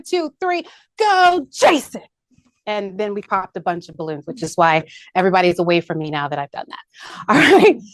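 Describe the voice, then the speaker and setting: Upbeat lady running a work meeting, pep talk vibes, highish voice, dry mic. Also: dry recording. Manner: peppy, repeats key words, rallying the team. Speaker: marketing presenter. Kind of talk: upbeat business meeting presentation. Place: video call meeting.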